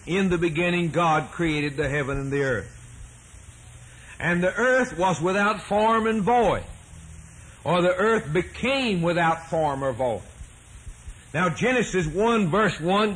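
A man preaching a sermon emphatically, repeating phrases and swelling his pitch and volume to stress key words. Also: a bit bright, slight background noise, rough recording.

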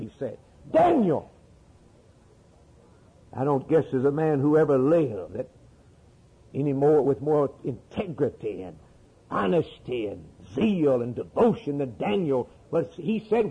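A man preaching a fervent sermon, dropping to low murmurs and rising to impassioned cries. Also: very animated, a little slow, breathy edge, lo-fi sound.

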